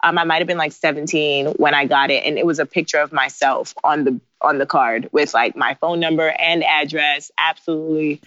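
A woman in her thirties chats animatedly about her early days, laughing often as she tells stories. Her voice sits fairly low. The recording is dry and a little dull, like a close podcast mic. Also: steady tone, normal speed, few pauses, fairly bright tone, dry recording. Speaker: guest, bridal designer. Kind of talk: casual interview storytelling.

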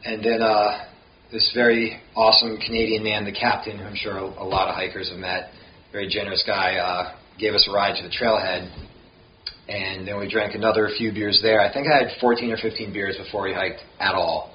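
A young man telling a relaxed, casual story as a podcast guest, swearing now and then. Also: lowish voice, brisk. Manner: laid-back, swears casually. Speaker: podcast guest, thru hiker. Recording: dull lo-fi sound with faint hiss.

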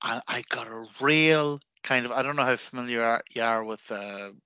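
An Irish man chatting on a podcast, animated and crude in his jokes. His voice is bright and forceful, recorded close and dry with no room sound. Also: mid-range voice, normal speed, clear, resonant tone, dry recording. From Ireland. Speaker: podcast co-host. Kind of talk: casual chat.

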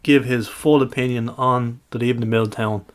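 A man with a mid-pitched voice, co-hosting a casual podcast. He tells stories chattily, with dry humor. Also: steady tone, normal speed. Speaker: podcast co-host. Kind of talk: casual chat.

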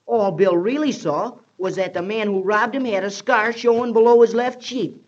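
A performer voices Joe, an earnest, eager boy and Annie's faithful friend, in a 1930s radio play, full of folksy "shucks." She has a natural, slightly mellow mid-range voice at a moderate pace, heard through dull lo-fi period radio sound.

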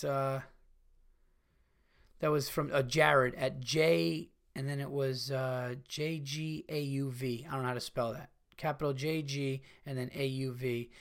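A man hosting a casual solo podcast, ranting in a profane, animated way. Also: on the high side, creaky. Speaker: podcast host.

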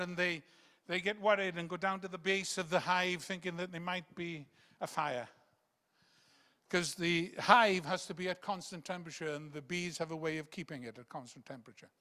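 A man preaching a rambling sermon that swings between loud emphatic bursts and hushed quiet passages. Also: high-pitched. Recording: long reverb of a large hall.

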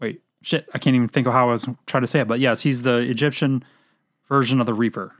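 A man in casual chat, blunt and joking, tossing in quick interjections. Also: medium pitch, fairly even intonation, fairly bright tone, no room sound, clean studio sound.

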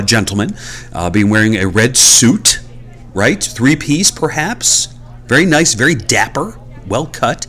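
Rambling low-voiced comic host. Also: male voice, fairly bright tone. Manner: rambling, mock-outraged, full of fillers. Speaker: podcast host. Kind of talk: comedic monologue.

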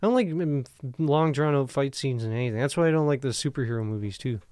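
A man's voice: mid-range voice, quick pace, a little mellow, no room sound, clean studio sound. A man co-hosting a casual podcast chat, rambling, profane and grumbling. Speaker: podcast co-host.

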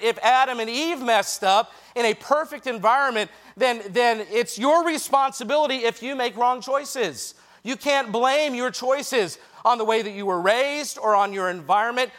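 A man preaching a sermon to a youth group, lively and jokey with quick asides, speaking straight to the young listeners. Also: very high-pitched. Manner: directly addresses young listeners.

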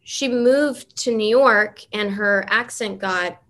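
A woman's voice: medium pitch, slow pace, a bit bright. A woman, an actress on a panel, answering casually. She rambles and restarts, and acts out voices as she explains.

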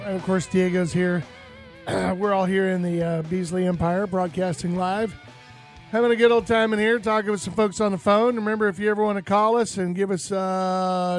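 Upbeat high-voiced male radio host. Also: flat delivery, normal speed, soft background music. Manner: upbeat, laughing, reads sponsor plugs and phone number. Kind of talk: live outdoors radio talk show. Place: radio studio. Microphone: studio mic.

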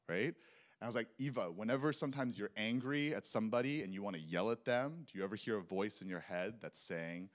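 Lively man preaching a sermon. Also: lowish voice, fairly quick. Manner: animated storytelling, acts out dialogue, laughs at own jokes. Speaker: pastor.

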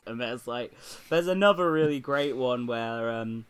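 A man's voice: mid-range voice, measured pace, fairly bright tone, clean tone. A man chatting casually about a TV show, laughing often as he talks. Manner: laughs often, acts out quotes.

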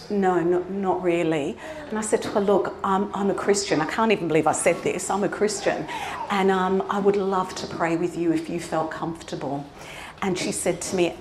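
A woman's voice: on the low side, a little hiss or hum. Woman preaching a story in an echoey room. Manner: animated storytelling, rising to fervent exhortation. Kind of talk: sermon testimony.

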